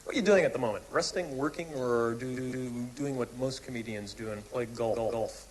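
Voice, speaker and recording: A man's voice: medium pitch, a little fast, slight background noise, lightly acted. An actor playing a cheeky computer-generated male TV host who stutters and repeats words in glitchy bursts and teases his guest. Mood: flirty. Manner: cheeky, teasing, flirty banter. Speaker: talk show host.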